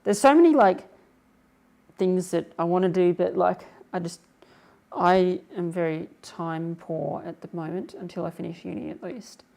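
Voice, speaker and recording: Her voice is fairly low, gravelly, and warm as this young livestream host chats at a moderate pace. She wanders from topic to topic with lots of fillers, reading viewers' comments aloud.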